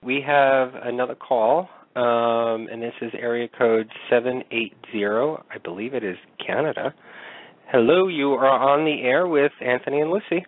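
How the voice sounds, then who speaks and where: A man's voice: medium pitch, normal speed, dry recording. Male radio host with a dry, tinny sound. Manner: warmly thanks callers and introduces them. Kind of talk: hosting a call-in radio show.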